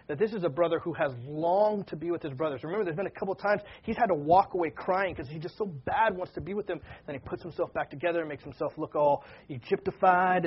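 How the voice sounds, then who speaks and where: Guy pastor chatting thru a sermon, kinda husky, muffled lo-fi sound. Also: fairly high pitch. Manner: conversational, with many fillers and asides. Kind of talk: casual sermon teaching.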